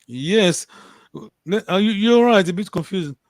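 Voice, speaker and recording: A man's voice: high-pitched, expressive, a little slow, no room sound. A man teaching a language lesson over a video call, patiently repeating and checking that his students follow.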